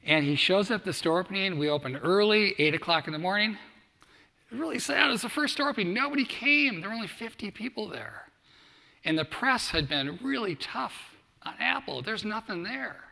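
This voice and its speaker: Middle-aged male keynote speaker, lively storyteller, bright gravelly voice, hall reverb. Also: high-pitched, a little fast. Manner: storytelling, acts out quoted dialogue. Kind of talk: motivational speech to student athletes. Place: large hall at a summit. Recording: echoey hall.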